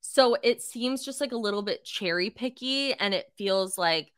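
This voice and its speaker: A young adult woman hosting a casual solo podcast, talking in an animated way with lots of fillers and swearing, and acting out quotes in shifting voices. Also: medium pitch, normal speed, hardly any pauses, clean tone, dry recording, clean studio sound. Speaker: podcast host.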